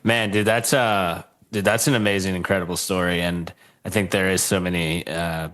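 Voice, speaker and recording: Man, podcast host, very deep voice, casual, relaxed talk. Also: moderate pace. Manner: casual, laughs often, many fillers like dude and uh. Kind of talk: conversational interview.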